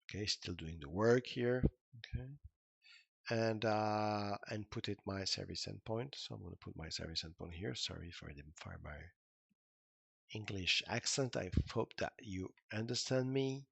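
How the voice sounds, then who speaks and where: A man's voice: fairly low pitch, a little slow, gravelly, breathy edge, dry recording, lo-fi sound. A man giving an informal coding tutorial, thinking aloud with many fillers and restarts. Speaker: instructor. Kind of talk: screen-recorded coding tutorial.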